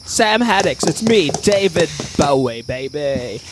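A man's voice: a little high, expressive, takes it slowly, heavy background noise, pitched below the performer's own voice. A man doing a crude, profane impression of a male rock star, taunting someone over a music video. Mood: mocking.

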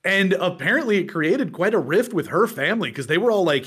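A man co-hosting a casual podcast chat, animated and quick to laugh, trying out jokey mock accents. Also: high-pitched, breathy edge. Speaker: podcast co-host.

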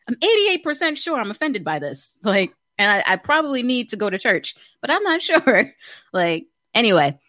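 A woman co-hosting a podcast in casual chat, expressive and joking. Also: fairly high pitch, normal speed, no echo, studio quality. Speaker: podcast co-host.

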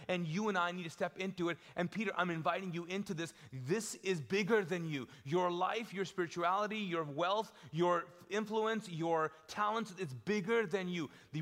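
Chatty pastor in a reverberant church. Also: male voice, sits high, fairly bright tone. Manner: conversational, playful, acts out quotes with shifting tone. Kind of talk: live sermon. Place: church auditorium.

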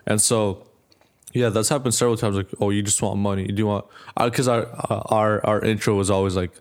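Young guy with a low voice, chatty storyteller, acts out what people said, laughs a lot. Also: fairly even intonation, a little fast. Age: young adult. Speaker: podcast co-host. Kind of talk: casual storytelling chat.

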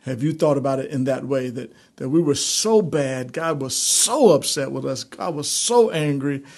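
A male pastor teaching a streamed Bible study in a conversational preaching manner, building to animated emphasis. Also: medium pitch, moderate pace.

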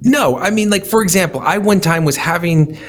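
A man's voice: high voice, a little fast. A man who runs a restaurant feedback company, telling stories in a casual conversation and acting out what people said. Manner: storytelling, animated quoting of others.

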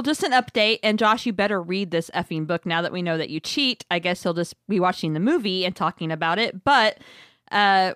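A woman's voice: mid-range voice, fairly bright tone, clean tone, dry recording, studio quality. A woman co-hosting a casual podcast chat, upbeat and laughing often. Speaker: podcast co-host.

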